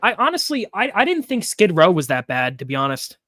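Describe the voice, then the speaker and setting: A man's voice: high-pitched, wildly swooping pitch, fairly quick, sharp tone, no room sound. A man hosting a casual wrestling podcast, blunt and swearing freely. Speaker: podcast host. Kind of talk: casual chat.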